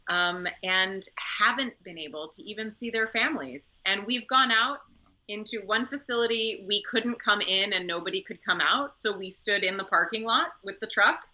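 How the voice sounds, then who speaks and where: Bright-toned chatty woman, muffled audio. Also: medium pitch, normal speed. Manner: chatty storyteller with many fillers and restarts. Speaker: opera singer and company director. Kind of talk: conversational interview.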